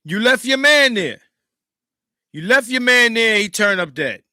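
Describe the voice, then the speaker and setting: Host type: man, high and very bright voice, emphatic casual commentary, dry close mic. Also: measured pace, no echo. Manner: animated, emphatic, swings between loud and hushed. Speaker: podcast host reacting to a clip.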